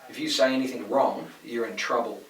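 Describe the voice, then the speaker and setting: A young man in casual podcast chat, rambling fast with opinions and swearing. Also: mid-range voice. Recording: echoey room, mic at a distance, faint noise.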